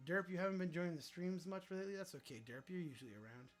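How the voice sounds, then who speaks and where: Joking streamer guy, higher pitch. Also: animated, fast, faint music behind. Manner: joking, reads viewer chat aloud, swears freely. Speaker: livestream host. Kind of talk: casual livestream chat.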